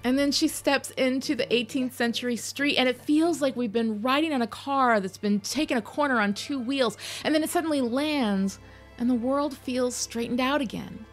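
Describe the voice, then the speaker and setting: A woman's voice: high-pitched, normal speed, faint music behind. A woman hosting a podcast, giving candid, sarcastic commentary on a TV episode, swearing casually. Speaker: podcast host.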